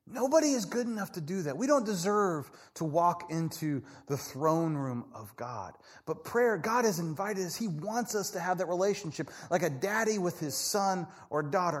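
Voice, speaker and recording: A male pastor giving a sermon with a somewhat high voice. His pitch swings widely as he talks casually and animatedly, checking in with "right?" and slipping into voices for quoted people. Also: normal speed. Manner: conversational, animated, keeps asking "right?".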